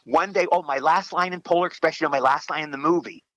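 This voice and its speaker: A man in his sixties, an actor telling rambling, excited stories with many restarts in a casual interview. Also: a little high, fast, no echo, poor audio. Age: 60s. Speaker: actor guest.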